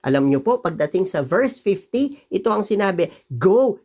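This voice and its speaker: Filipino woman pastor, mid-pitched, emphatic sermon delivery, drawn-out scripture quotes. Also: big pitch swings, warm tone. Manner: mixes English with Tagalog.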